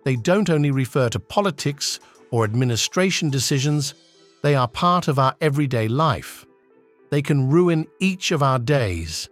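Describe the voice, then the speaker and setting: A man's voice: medium pitch, lively intonation, moderate pace, soft background music. A man narrating a class radio play as a script, reading carefully and steadily.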